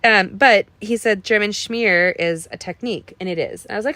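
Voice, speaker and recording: A woman's voice: medium pitch, normal speed, bright, forceful tone, no room sound. A middle-aged woman hosting a live card-making tutorial, chatting folksily with viewers as she works. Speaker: card-making livestream host. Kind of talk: casual crafting tutorial.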